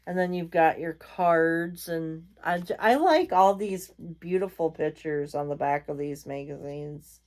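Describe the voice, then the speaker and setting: A woman's voice: low voice, lively intonation, measured pace, hardly any pauses, a little mellow. A tired woman chatting casually as a vlog host, rambling with many fillers. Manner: reads out magazine lines. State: tired, yawning. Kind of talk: casual chat.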